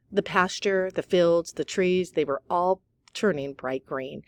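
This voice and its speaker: A woman calmly reading a children's novel aloud, unhurried, with small slips now and then. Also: sits low. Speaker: audiobook reader.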